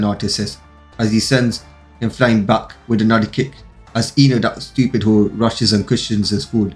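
A man's voice: lowish voice, steady tone, normal speed. A man narrating a fan-fiction story in a plain, run-on reading with occasional slips. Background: faint music.

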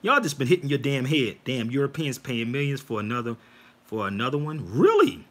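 A man's voice: mid-range voice, brisk. A man talking casually and insistently to viewers on a livestream, preaching and calling out to them directly. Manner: animated, preachy, addresses viewers as y'all. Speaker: livestream host.

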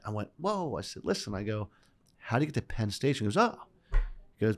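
A middle-aged man with a low voice recounts a personal story as a podcast guest. He slips into the voices of the people he met as he tells it. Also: fast. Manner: animated retelling with quoted voices.

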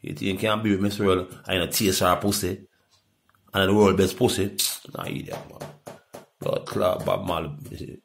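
A middle-aged Jamaican man in a rambling, profane monologue that swings from loud outbursts to low mutters. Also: level tone, moderate pace, gravelly, slight background noise. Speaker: reggae artist.

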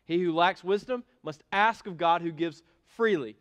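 Animated, emphatic male pastor preaching. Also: high voice, normal speed, smooth. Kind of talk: sermon. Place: church sanctuary.

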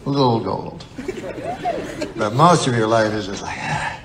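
With a lowish, animated voice and an unhurried delivery, a middle-aged comedian spins a wandering, foul-mouthed tale on stage. The live comedy club audience laughs throughout.

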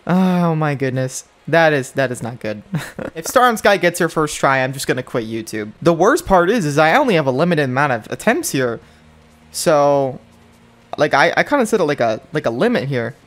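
A man's voice: on the high side, very animated, moderate pace, a bit bright. A young man giving exasperated commentary while opening mobile game packs, ranting and jumping up in disbelief.

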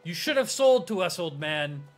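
A man's voice: a little high, very animated, moderate pace, soft background music. A man voicing menacing male street gang thugs who taunt and threaten.

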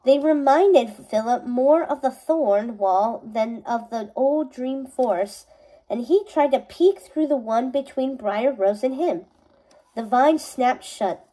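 Woman narrator, high mellow voice, steady reading of a novel. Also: slow, poor audio. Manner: steady storytelling with small self-corrections. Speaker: reader.

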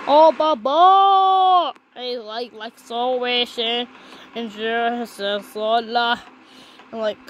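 A woman playing a video game while chatting, excitable and loudly complaining about how the game is going. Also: fairly high pitch, slow, highs cut off, a little hiss or hum. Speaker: gamer.

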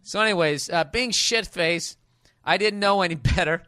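A middle-aged man, hosting a comic advice podcast, reading out letters and riffing on them loudly and profanely. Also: sits high, moderate pace, no room sound, studio quality. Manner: loud, profane, riffing and mocking. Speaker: podcast host.

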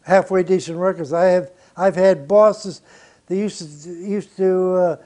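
An older record producer with a warm voice that sits high speaks unhurriedly and with fairly even intonation. Telling studio stories in an interview, he's blunt, curses, and gives short chuckles.

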